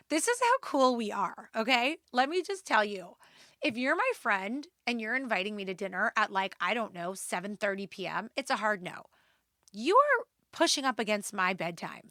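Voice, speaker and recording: A woman podcast co-host telling a story in casual chat, animated and acting out the quotes. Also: mid-range voice, dry recording, studio quality. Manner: animated, acts out quotes, exasperated asides.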